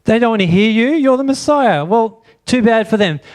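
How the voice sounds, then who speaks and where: High-voiced pastor, questioning. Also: male voice, animated, moderate pace. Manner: asks the congregation many rhetorical questions. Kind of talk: sermon. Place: church.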